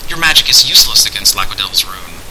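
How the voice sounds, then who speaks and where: A man's voice: deep voice, sing-song, fast, sharp tone, a little hiss or hum, voice pushed down, exaggerated voice, rough recording. A man playing a sly defiant wizard-thief. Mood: commanding. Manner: commanding, sly.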